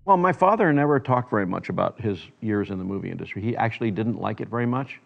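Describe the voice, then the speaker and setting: A man's voice: lowish voice, animated, fast, vocal fry, highs cut off. An older man, a filmmaker, telling stories in a reflective interview, often quoting others in his anecdotes.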